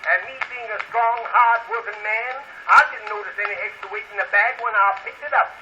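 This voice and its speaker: A man's voice: high-pitched, steady tone, fairly quick, a crowd in the background, close to an everyday voice. A man playing a sly defendant who spins innocent excuses about stolen chickens in a vaudeville comedy sketch. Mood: excusing. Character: sly, smooth-talking man accused of chicken theft. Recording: dull lo-fi cylinder with faint hiss.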